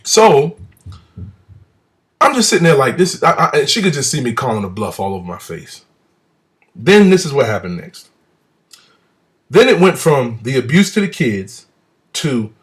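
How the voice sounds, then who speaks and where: A man telling a personal story about a church visit at home, acting out the people he quotes with big swings between loud and soft. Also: mid-range voice, very animated, normal speed, long pauses. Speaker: speaker recounting a church visit. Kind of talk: animated personal testimony.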